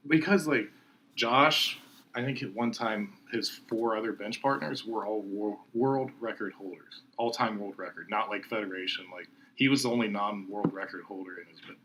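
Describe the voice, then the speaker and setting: A man's voice: on the low side, moderate pace, fairly bright tone, slight background noise. A man hosting a podcast, chatting casually and laughing as he retells gym stories. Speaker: podcast host. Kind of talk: casual chat.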